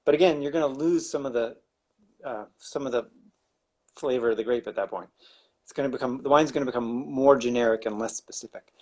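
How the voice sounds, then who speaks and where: A man's voice: medium pitch, fairly quick, darkish tone. A man, a winemaker, explaining wine making in a casual, rambling way with wry asides and many restarts.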